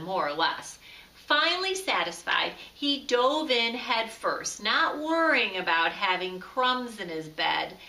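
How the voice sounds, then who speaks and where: A woman reading a children's story aloud in a slow, expressive way, recorded from a distance in an echoey room. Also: medium pitch. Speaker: storybook reader. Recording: echoey room, far from mic.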